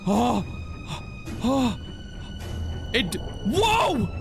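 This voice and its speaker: A man's voice: very high voice, wildly swooping pitch, extremely slow, creaky. A man reacting to gameplay in a panicky way, talking to himself. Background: game music.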